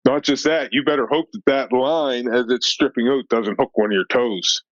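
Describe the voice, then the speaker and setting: A man who works as a fishing guide, telling a story in a casual podcast chat. He is animated and acts out the dialogue, with a lot of "like" and "right?". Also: medium pitch, normal speed, no room sound. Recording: dull lo-fi dry sound.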